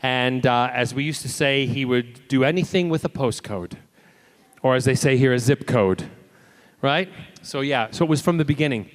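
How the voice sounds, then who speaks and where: A man answering fan questions as a convention panel guest, telling lively anecdotes and acting out the dialogue. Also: medium pitch, moderate pace. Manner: animated, acts out quoted dialogue.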